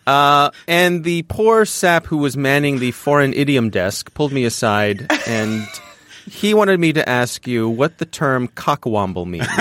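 Wry American man, lively pitch. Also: slight background noise. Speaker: podcast co-host. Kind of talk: casual podcast chat.

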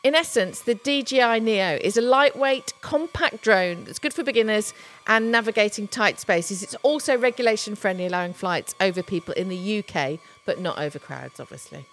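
A woman's voice: mid-range voice, lively intonation, moderate pace. A woman hosting a tech show, chatting casually and running through product specs in an upbeat way. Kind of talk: casual chat with spec rundown.

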